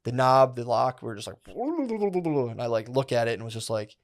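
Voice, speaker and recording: A man's voice: medium pitch, big pitch swings, moderate pace. Rambling, profane male podcast host. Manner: rambling, profane storytelling full of "like" and "dude", acting out quotes. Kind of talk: casual podcast chat, storytelling.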